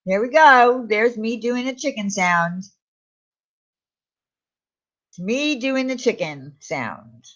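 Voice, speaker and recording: A woman co-hosting a casual live chat show, talkative and quick to laugh, trailing off between thoughts. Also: on the high side, lively intonation, a bit bright, dull audio. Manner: chatty, laughs often, trails off. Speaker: livestream co-host.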